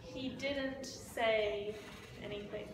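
Very slow, echoey woman teacher. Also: on the high side, steady tone, background noise. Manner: simple, repetitive retelling. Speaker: language teacher. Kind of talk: slow story-listening lesson. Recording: echoey room, voice from a distance.

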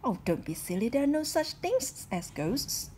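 A bossy, soothing maid talks in a singsong voice, as a woman reading a storybook puts her on. Her pitch sits a little high and sways widely. A faint hum sits behind her. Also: big pitch swings, moderate pace, darkish tone.

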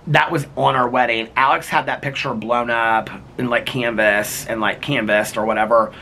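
Male vlogger, bright voice, chatty and rambling, reads comments. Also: mid-range voice, fairly even intonation, normal speed. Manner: chatty, rambling, heavy use of "like". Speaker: vlogger reading viewer comments. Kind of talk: casual chat.

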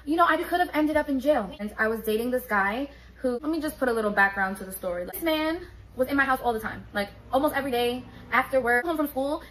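A woman, telling a story on her vlog in an animated, profane, streetwise way. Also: sits high, a little hiss or hum, poor audio. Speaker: beauty vlogger.

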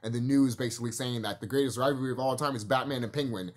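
A man's voice: medium pitch, steady tone, fast. A man giving a casual, profane, rambling opinion rant about wrestling, with frequent restarts and laughter. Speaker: wrestling commentary vlogger.

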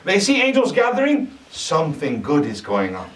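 A man's voice: fairly high pitch, moderate pace. A man giving a sermon at a mosque, talking with animation and putting questions to his listeners. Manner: animated, asks the audience questions. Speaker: mosque lecturer. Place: mosque hall. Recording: echoey hall, distant mic.

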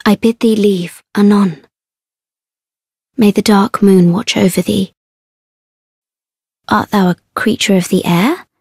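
A woman voicing a gentle, solemn imprisoned woman in a video game, speaking slow, formal, archaic lines with a breathy voice. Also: mid-range voice, steady tone, no room sound, studio quality. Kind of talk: game character dialogue.

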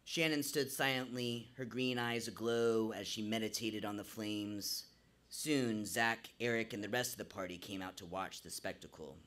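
Bright-voiced man telling a story onstage. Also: lowish voice, steady tone, moderate pace. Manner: vivid, theatrical narration. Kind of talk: live storytelling. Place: small live venue stage.

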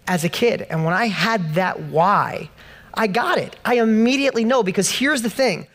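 High-pitched, passionate male motivational speaker. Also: moderate pace, a bit bright. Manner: passionate personal storytelling, rising to emphatic peaks. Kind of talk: motivational speech to a live audience. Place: event hall stage.

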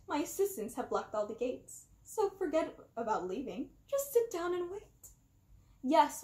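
A woman doing a hushed, gloating mouse villain. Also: sits high. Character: sinister male mouse thief, scheming and gloating. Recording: roomy echo.

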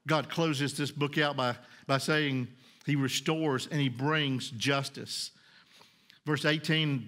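A man preaching a sermon as pastor. He reads scripture aloud, explains it in emphatic paraphrase, and drops low and soft when he voices God's promises.

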